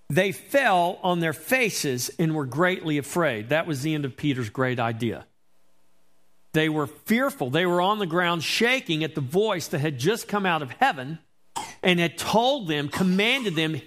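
A man's voice: on the high side, fairly bright tone. A man preaching a sermon as pastor, reading scripture and explaining it emphatically, with rhetorical questions to his congregation.

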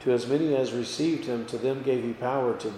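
In a roomy hall where each phrase trails a long reverb, a pastor with an ordinary mid-pitched voice teaches the Bible conversationally and a little fast. He keeps asking "okay?" and "right?" and pushes key words up lively, over a faint hum of background noise.

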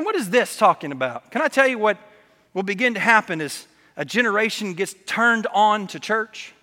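A man preaching a sermon in a church, in an animated way, acting out voices when he quotes people. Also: high-pitched, long reverb tail. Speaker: pastor. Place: church sanctuary.

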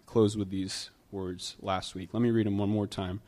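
A man's voice: lowish voice, little pitch movement, normal speed, hardly any pauses, darkish tone. A man preaching a conversational sermon in a church, with rhetorical questions that build emphasis. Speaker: pastor.

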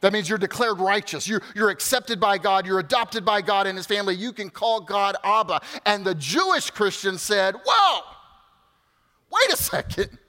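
Man, pastor, sermon, high voice, conversational asides to the congregation, reverberant church hall. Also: moderate pace, few pauses, pushed and bright.

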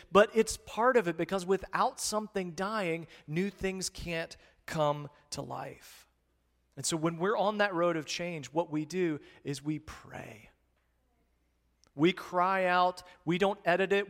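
A man preaching a conversational sermon as pastor, swinging between hushed and loud. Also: high-pitched, vocal fry, long reverb tail.

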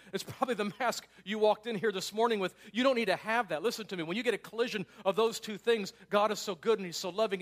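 A male pastor preaching a sermon in a conversational way, dropping to hushed tones and then rising to emphatic urgency. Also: high-pitched. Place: church.

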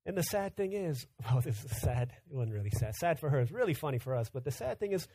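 A man in his thirties preaching a sermon, telling stories conversationally and swinging from loud urgent bursts to hushed quiet. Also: medium pitch, sing-song, fast talker, few pauses, husky, dry recording. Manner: storytelling, conversational. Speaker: pastor.

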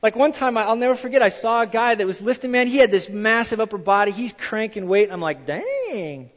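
Male preacher with a high voice, lively storytelling sermon, dull recording in a reverberant hall. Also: fast. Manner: animated storytelling, acts out quoted voices. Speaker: pastor.

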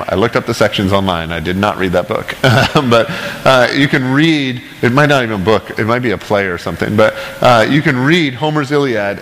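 A man's voice: medium pitch, fairly bright tone, big-room sound, low-quality recording. A male pastor preaching a casual, conversational sermon with chatty, self-deprecating asides and frequent "right?" checks.

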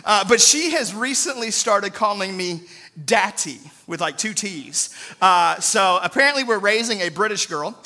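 A man's voice: high-pitched, expressive, normal speed, few pauses, pushed and bright. A man in his thirties preaching a sermon in an earnest, conversational way, often adding "right?" asides. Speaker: pastor.

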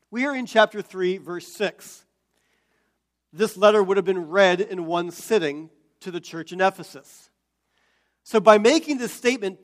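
Emphatic high-voiced male preacher. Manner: builds to loud emphatic peaks. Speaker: pastor. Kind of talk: sermon.

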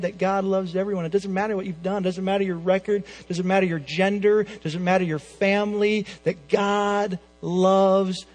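A man preaching a sermon, swinging between loud emphatic lines and soft hushed phrases. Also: sits high.

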